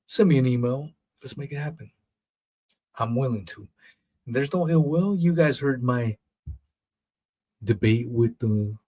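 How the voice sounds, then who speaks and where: A man hosts a solo podcast in a loose, rambling monologue. He is blunt and profane, drifting from one thought to the next, and speaks at an ordinary middle pitch. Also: darkish tone. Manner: blunt, profane, rambling, mocks others in put-on voices. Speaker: podcast host.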